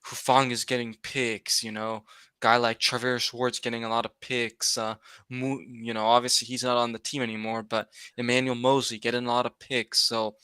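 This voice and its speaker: A man's voice: medium pitch, little pitch movement, normal speed, pushed and bright, clear, resonant tone, no echo. A man co-hosting a fan podcast, talking in a hesitant, stammering way, often breaking into laughter. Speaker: podcast co-host. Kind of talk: casual chat.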